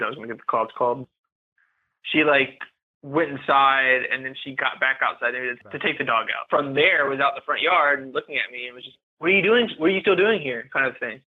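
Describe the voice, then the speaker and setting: A man's voice: mid-range voice, fairly even intonation, fairly quick. A man, a podcast guest, telling his own story in an earnest, candid and reflective way. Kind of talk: personal storytelling. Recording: tinny phone-like line.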